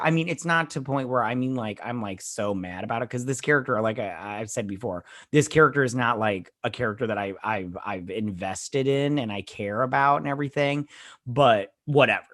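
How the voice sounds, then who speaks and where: A man's voice: medium pitch, brisk, fairly bright tone. A man hosting a casual episode recap, rambling with lots of fillers and blunt opinions. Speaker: show host reviewing a TV episode.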